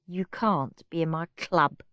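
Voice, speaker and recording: A woman voicing a mischievous, scheming schoolboy who yells in theatrical fake panic in an audiobook. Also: deep voice, unhurried, no room sound, clean studio sound. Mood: bossy. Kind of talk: audiobook character voice.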